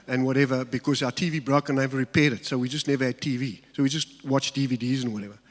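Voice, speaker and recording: A man's voice: a little high, a bit bright. A middle-aged man preaching a sermon, telling stories with humor and acting out asides. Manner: humorous storytelling with acted-out asides. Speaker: pastor. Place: church hall. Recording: long reverb of a church hall.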